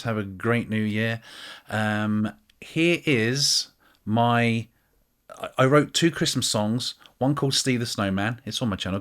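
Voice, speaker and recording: A man's voice: medium pitch, fairly bright tone. A British man chatting casually to camera as a music vlogger, rambling and self-mocking, with many ums.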